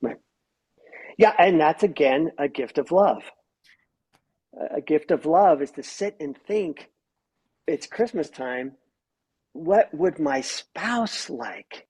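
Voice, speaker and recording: Husky-voiced man, animated guest therapist. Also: a little high, takes it slowly, pauses often. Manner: animated storyteller who acts out quoted voices. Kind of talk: podcast interview.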